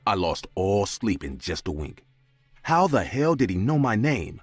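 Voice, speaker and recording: A man's voice: very animated, unhurried, breathy edge, soft background music. A man narrating a scary story in a dramatic scripted style. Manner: dramatic, with big swings of pitch.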